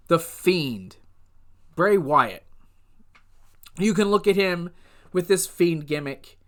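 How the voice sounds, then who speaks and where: A young man hosting a casual countdown, talking loosely and rambling, with drawn-out pauses and muttered asides. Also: fairly high pitch, pushed and bright. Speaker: host.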